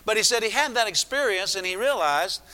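A man's voice: sits high, animated, a little fast, bright, forceful tone. A man preaching a sermon, retelling a story with many restarts and asides. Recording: echoey hall.

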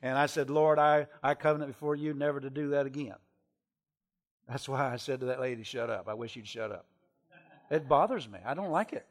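Telling a story from his time on the road, a middle-aged traveling preacher delivers a sermon a little fast. His voice sits slightly high and ranges from hushed confession to full-throated shouting.

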